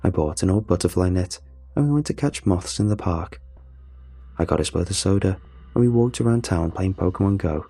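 A man with a gravelly, husky voice narrating a scripted first-person story. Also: low-pitched, expressive, fairly quick, dry recording. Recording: soft music under the voice.

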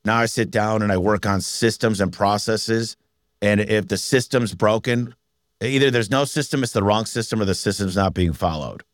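A man, a business owner, telling stories in a casual interview, energetic and acting out the people he quotes. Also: on the low side, normal speed, no room sound, clean studio sound. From Michigan. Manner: energetic, animated storyteller who acts out quotes.

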